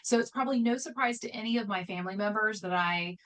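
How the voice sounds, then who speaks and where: A woman's voice: medium pitch, fast talker, fairly bright tone. A middle-aged woman from Texas, talking energetically as an interview guest, joking often and using many fillers. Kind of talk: conversational interview.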